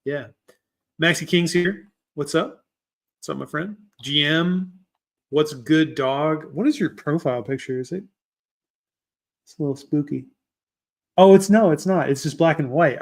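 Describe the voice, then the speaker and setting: Young male streamer host, slightly high voice, relaxed rambling chat with fillers. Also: unhurried, vocal fry, long pauses. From Maryland. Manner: laid-back, greets viewers by name, filler-heavy. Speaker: livestream host. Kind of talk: casual livestream chat.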